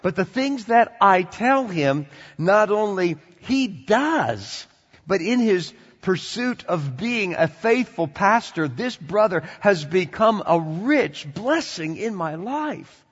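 A male pastor preaching a sermon, swinging from loud animated passages to quiet conversational asides. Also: high-pitched, slow, slightly rough, big-room sound, dull audio. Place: church sanctuary.

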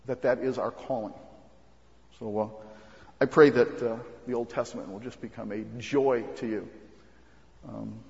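A man's voice: medium pitch, creaky, a little mellow. Pastor guy preaching, lots of ums and restarts, kinda muffled, big reverby church. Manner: earnest, halting with frequent ums and restarts. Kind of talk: sermon. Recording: muffled recording with long hall reverb.

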